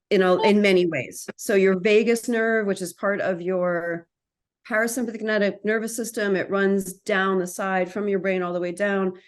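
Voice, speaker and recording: A woman in a relaxed conversation, telling a story with lively tangents and quick self-corrections. Her voice sits at a middle pitch. She comes through a video call. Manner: chatty, animated, sidetracks and restarts. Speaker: guest, massage therapist and actor. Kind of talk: casual storytelling chat.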